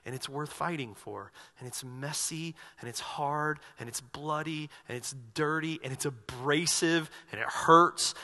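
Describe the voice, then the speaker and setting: A man preaching a sermon as pastor of his church, animated and acting out quoted voices. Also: a little high.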